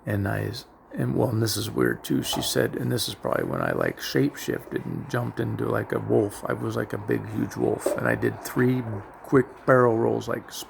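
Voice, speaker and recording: A man's voice: fairly low pitch, wildly swooping pitch, normal speed, gravelly, hardly any pauses, noisy background. A middle-aged man casually telling a rambling personal story, swearing often and restarting his sentences.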